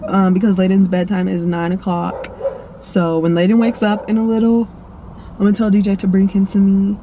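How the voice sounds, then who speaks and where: A woman in her early twenties vlogs from a parked car, filming herself on her phone and rambling to viewers with plenty of fillers. Her voice sits on the low side with a dark tone, and the audio is dull with slight background noise.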